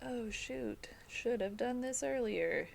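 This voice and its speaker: A woman's voice: on the high side, slow, vocal fry. A woman co-hosting a casual podcast, talking in a chatty, self-deprecating way and laughing often. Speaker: podcast co-host presenting the topic.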